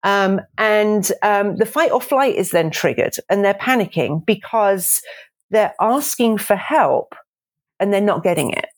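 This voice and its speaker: Animated woman explaining parenting. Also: a little slow. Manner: animated, acts out voices with big pitch jumps; laughs often. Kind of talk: casual conversational explanation.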